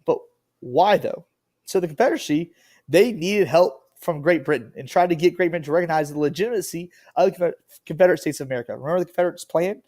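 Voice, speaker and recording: A man's voice: fairly high pitch, fast talker, darkish tone. A man teaching a history lesson in a casual, rambling way, with lots of fillers and frequent "okay?" check-ins. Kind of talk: classroom lecture.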